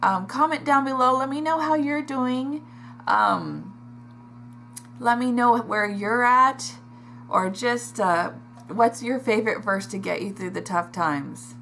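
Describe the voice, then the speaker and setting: A woman talking in a personal video diary, emotional and halting, pausing and sighing as she speaks. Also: on the high side, gravelly, a bit bright, slight background noise. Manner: emotional, halting, with sighs and restarts. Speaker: vlogger.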